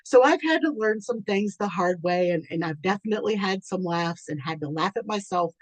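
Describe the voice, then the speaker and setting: A woman business coach giving an unscripted, heartfelt thank-you talk, chatty, full of ums and quick to laugh at herself. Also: medium pitch, animated, no room sound. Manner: tearful and moved toward the end. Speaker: business coach and podcast host.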